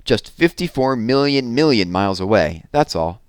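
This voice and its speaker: A man voicing a kindly adult stargazer in a storybook, patient and gently amused as he explains. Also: mid-range voice, expressive, normal speed, clear, resonant tone, no echo, studio quality, natural voice. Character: kindly grown man with a telescope.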